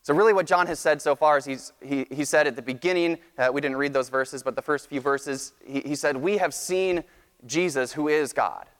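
A man delivers a Sunday sermon in a measured, earnest teaching voice. He often restarts a phrase before pressing on. His voice carries a long reverb from a church sanctuary. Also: medium pitch, fairly even intonation, fairly bright tone. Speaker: pastor.

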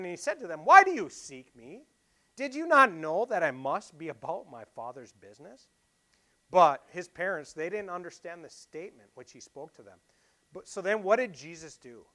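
A man preaching a sermon, asking his listeners questions and swinging between loud emphasis and quiet asides. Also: on the high side. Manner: asks the congregation rhetorical questions.

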